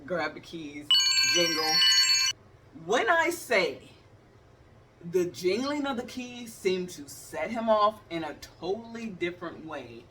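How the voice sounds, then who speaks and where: A woman's voice: lowish voice, very animated, slow, fairly bright tone, far from the mic, faint music behind. A woman in her fifties, from the Cleveland area, telling funny stories and acting out the scenes while she talks to the viewer. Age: 50s. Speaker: vlogger. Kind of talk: animated comedic storytelling.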